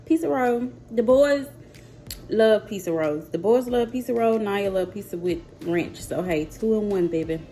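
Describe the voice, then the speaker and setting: Slow-talking woman, chatty vlogger. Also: medium pitch, warm tone. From Mississippi, USA. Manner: chatty and playful, talking straight to viewers. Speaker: mother and vlogger tasting snacks. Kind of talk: casual chat to camera.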